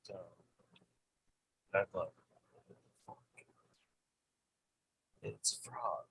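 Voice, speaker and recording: A man's voice: mid-range voice, moderate pace, creaky, breathy edge, poor audio. A man hosting his own channel, telling a rambling, swear-heavy story in casual vlog style. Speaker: channel host.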